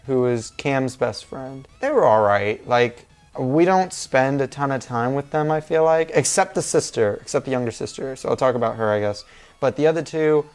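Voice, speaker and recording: A man's voice: medium pitch, clean tone. A young man talking through a movie review in a casual, rambling, informal way.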